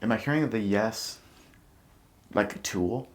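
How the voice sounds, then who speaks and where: A man's voice: on the low side, unhurried. A man hosting a podcast, chatting loosely with many fillers and murmuring agreement. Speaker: podcast host. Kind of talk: casual podcast conversation.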